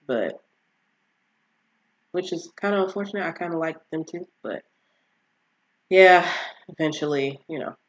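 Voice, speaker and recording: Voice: mid-range voice, highs cut off. A vlogger casually recapping a TV series, rambling with lots of fillers and acting out the characters' lines.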